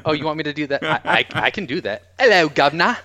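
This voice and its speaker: A man's voice: on the high side, rapid-fire, sharp tone, no echo. A man joining a casual podcast chat, teasing the others with playful questions.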